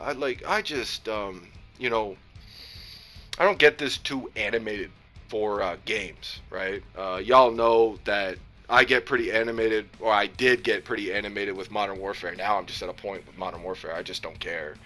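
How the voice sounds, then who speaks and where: A man ranting about a video game, heated and profane, swinging between loud outbursts and low muttering. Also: expressive, measured pace, soft background music. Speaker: gaming YouTuber. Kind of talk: angry game rant.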